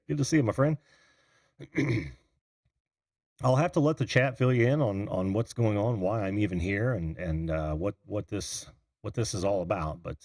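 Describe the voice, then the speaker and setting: A man's voice: on the low side, vocal fry, a little mellow, breathy edge, no echo, clean studio sound. A middle-aged man hosting a call-in livestream, rambling casually and answering viewers' chat comments. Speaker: call-in show host. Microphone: computer mic on a video call.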